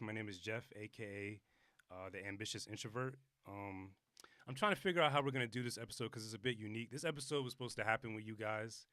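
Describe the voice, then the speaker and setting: A man's voice: on the low side, bright, forceful tone, no echo. A young man hosting a podcast, talking in a rambling, laid-back way with casual slang. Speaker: podcast host.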